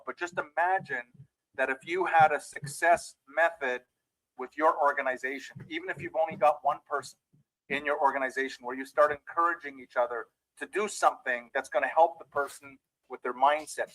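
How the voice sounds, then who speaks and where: A man's voice: mid-range voice, fairly bright tone, no echo, rough recording. A man giving a motivational training talk as a mindset trainer, telling a story and speaking directly to his listeners.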